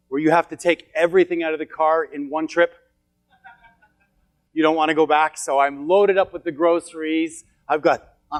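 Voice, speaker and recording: A middle-aged man giving a motivational seminar talk to an audience, telling stories with emphatic, repetitive phrasing. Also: a little high. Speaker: motivational speaker. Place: event hall with an audience.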